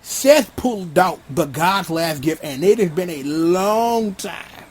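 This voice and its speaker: A man's voice: high-pitched, slow, slightly rough. A man giving a blunt, slangy, casual rant about a wrestling event as a vlog host. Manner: blunt, slangy, animated ranting. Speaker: wrestling commentator vlogger.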